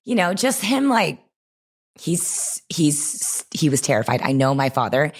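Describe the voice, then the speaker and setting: A young woman with a notably low, deep voice, speaking as a podcast guest. She tells her story with energy and acts out her own inner thoughts and past doubts in quick asides. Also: big pitch swings, husky. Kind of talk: podcast interview.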